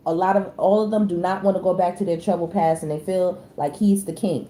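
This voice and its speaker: A woman's voice: fairly low pitch, fairly even intonation, a little fast, few pauses, dark tone. A woman tarot reader, giving casual, emphatic celebrity commentary and often checking in with her viewers. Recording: echoey room, faint background noise.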